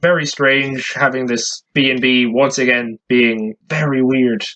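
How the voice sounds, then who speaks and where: A man's voice: medium pitch, steady tone, a little slow, a bit bright, highs cut off, a little hiss or hum. A young Irish man co-hosting a podcast, reviewing a film with casual, sardonic remarks. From Ireland. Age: young adult. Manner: wry, sardonic. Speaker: podcast co-host.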